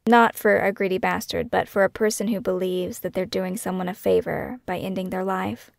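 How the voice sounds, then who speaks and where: A woman narrating her own scripted true-crime podcast in a measured, questioning, somber way. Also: medium pitch, fairly even intonation, gravelly, no echo, studio quality.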